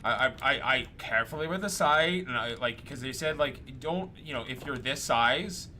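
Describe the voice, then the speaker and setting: A man chatting casually during a game stream, joking and laughing often with quick asides. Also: medium pitch, bright, forceful tone, slight background noise. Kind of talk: casual chat while gaming.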